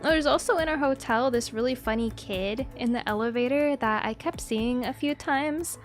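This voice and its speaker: Young woman streamer, high voice, giggles a lot, swears casually, faint music behind. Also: moderate pace.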